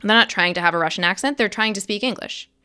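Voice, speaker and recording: A woman's voice: medium pitch, fast, pushed and bright, smooth, no room sound, studio quality, soft background music. A woman actress, a guest in an interview, talking casually and acting out little quoted voices as she explains.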